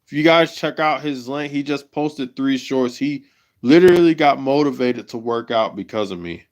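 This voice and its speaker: A man hosting his own livestream, talking emotionally in halting, repeated phrases. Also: medium pitch. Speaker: livestream host.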